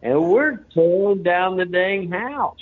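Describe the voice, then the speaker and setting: A man's voice: high voice, expressive, slow pace. A man telling stories in a loose, rambling way with plenty of fillers, as an interview guest. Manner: rambling, folksy, lots of fillers. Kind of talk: casual storytelling. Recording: phone-like narrow sound.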